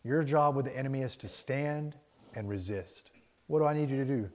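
A man pastor preaches in an animated, chatty storyteller's style, with a middle-pitched voice. His words hang in the long reverb of a church sanctuary. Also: fairly quick. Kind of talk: sermon with storytelling.

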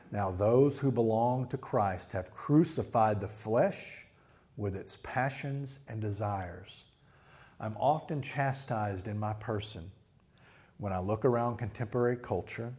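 Gravelly-voiced male preacher. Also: on the low side. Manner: storytelling with animated acted-out quotes. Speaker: pastor. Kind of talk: sermon.

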